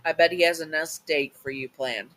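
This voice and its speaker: A woman voicing a calm, protective middle-aged father in a fan audio story, steady and reassuring. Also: low-pitched, normal speed, poor audio.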